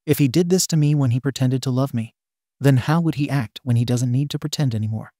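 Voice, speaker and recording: Mellow-voiced male story narrator. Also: mid-range voice, a little fast, dry recording, studio quality. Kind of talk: scripted narration of online posts.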